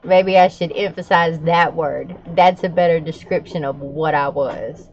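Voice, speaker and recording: A woman's voice: sits low, fairly even intonation, a little slow, darkish tone, dull audio. A middle-aged woman, chatting candidly to her viewers with frequent fillers and laughs. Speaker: vlogger. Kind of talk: casual chat to camera.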